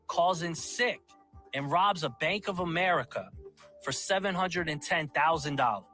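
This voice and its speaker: A man narrating a documentary in a measured, clarifying way. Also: fairly high pitch, pushed and bright. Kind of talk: scripted narration.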